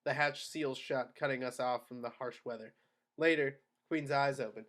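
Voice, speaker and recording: A man's voice: medium pitch, normal speed. Man reading screenplay action lines. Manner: steady, matter-of-fact delivery. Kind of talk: reading screenplay stage directions.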